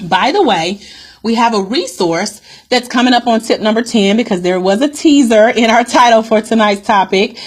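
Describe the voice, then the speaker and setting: A woman's voice: a little high, expressive, moderate pace. A woman business coach hosting a live-streamed coaching call, upbeat and direct, calling her viewers "guys" and repeating her key points.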